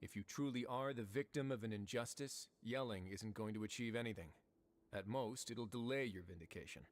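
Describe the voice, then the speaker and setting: An actor playing a calm, authoritative male warden who talks in a measured, dry way, from a video game. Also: medium pitch, lightly acted. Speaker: prison warden.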